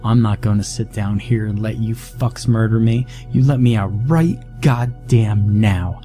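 A hoarse, furious young woman who swears and shouts in defiance, as a man with a low voice reads her out. She sounds raised and loud against the music playing under the horror story. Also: fairly even intonation, slow. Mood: raging.

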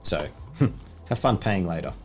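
A man's voice: low-pitched, expressive, takes it slowly, a little mellow, soft background music, exaggerated voice. A man voicing a sly, mocking shopkeeper who mutters under his breath.

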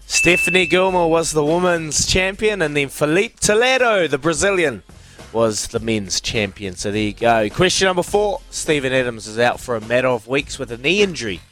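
Lively New Zealand radio quiz host. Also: male voice, fairly high pitch, moderate pace, faint music behind. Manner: joking, laughs often, calls callers mate and brother. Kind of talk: casual radio banter.

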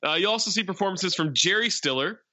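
Bright-voiced male podcast host. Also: sits high, animated, dry recording. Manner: reads intros and credits in a brisk listing way. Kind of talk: casual podcast movie chat.

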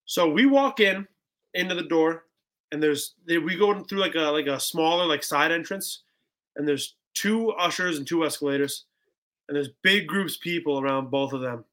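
Animated young man, bright voice. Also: fairly high pitch, moderate pace. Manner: animated, acts out quotes, heavy "like" and "bro". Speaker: podcast guest. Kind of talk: casual storytelling.

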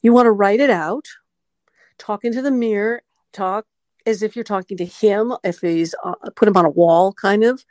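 A woman's voice: mid-range voice, moderate pace, a little mellow, dry recording. A middle-aged woman giving relationship advice, earnestly acting out example apologies in the first person. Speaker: relationship coach. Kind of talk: advice talk.

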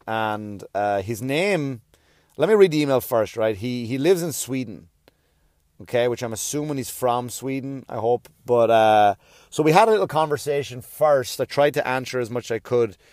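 A man's voice: medium pitch, a little mellow, no room sound, studio quality. A man hosting his own podcast, talking in a rambling, self-deprecating way and swearing casually. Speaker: podcast host.

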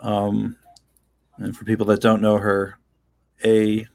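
A man with a fairly low voice talks about his work in a loose, rambling way. He fills his sentences with "like" and "uh" and laughs often as he goes. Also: completely flat delivery, unhurried, gravelly. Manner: rambling, chatty, laughs often, many fillers. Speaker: comic book creator. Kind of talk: casual interview chat.

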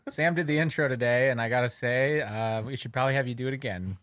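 A man's voice: medium pitch, fast, a bit bright. A man hosting a casual podcast, talking in a rambling, easygoing way and laughing often. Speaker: podcast host. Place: studio space.

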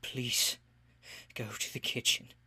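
A man doing a bright, pleading bard big brother. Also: slow pace. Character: protective male bard, desperate big brother.

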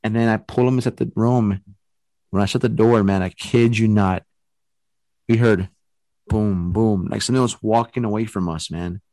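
A man's voice: fairly low pitch, moderate pace, no echo. A man casually telling a story from his own paranormal investigation, acting out the sounds and quoting himself. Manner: animated, acts out sounds and quotes himself, swears casually.

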